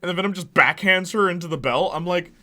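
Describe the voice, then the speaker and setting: A man hosting a casual movie ranking, excitable and slangy, laughing often as he talks. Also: sits high, fast, a little hiss or hum. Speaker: host.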